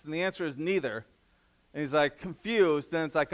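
On the high side and fairly quick, a middle-aged man delivers a sermon as pastor in an easygoing, conversational manner. He restarts phrases, acts out quotes, and lowers to a soft, quiet voice for prayer.

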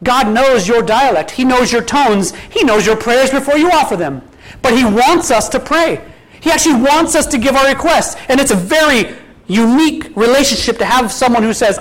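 A man's voice: very high-pitched, expressive, moderate pace, fairly bright tone, poor audio. A man preaching a sermon as pastor, talking casually and putting many questions to his congregation, with scripture quotes mixed in. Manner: quotes scripture at an easy speaking pace.

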